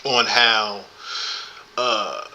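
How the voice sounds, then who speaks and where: A man's voice: fairly low pitch, fairly even intonation, very slow, pushed and bright, poor audio. A man hosting a podcast, chatting casually and rambling with many fillers as he thinks aloud. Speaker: podcast host. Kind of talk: casual commentary chat.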